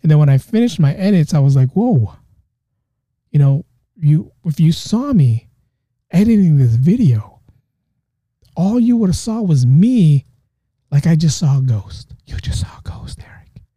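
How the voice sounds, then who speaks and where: A man's voice: fairly high pitch, sing-song, unhurried, long pauses, mellow, breathy edge, dry recording, studio quality. A man hosting a podcast, talking casually and rambling with frequent restarts. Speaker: podcast host. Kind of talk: casual monologue.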